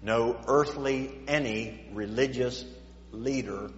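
A man's voice: mid-range voice, takes it slowly, a little hiss or hum. A man preaching a sermon in a church, repeating words as he stammers and rising and falling in volume. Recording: echoey dull church hall recording.

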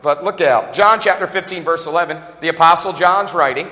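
Man in his forties, revival preacher, bright edgy voice, joking, long hall echo. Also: a little high, moderate pace. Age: 40s. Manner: lively, joking, laughs often, calls out "amen?". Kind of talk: revival sermon.

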